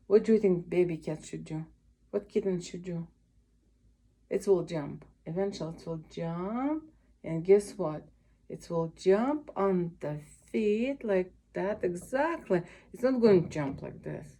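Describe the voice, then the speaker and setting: A woman's voice: lowish voice, expressive, measured pace, dark tone. A Russian-accented woman teaching piano to a young child, encouraging her with vivid imagery and sing-song cues.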